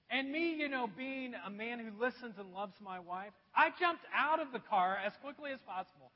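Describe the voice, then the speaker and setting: In a church, a pastor with a strikingly high voice preaches a sermon, telling a funny, self-deprecating story about himself to his congregation. He's expressive, keeps a moderate pace with few pauses, and the muffled, dull audio carries a long hall reverb after each phrase.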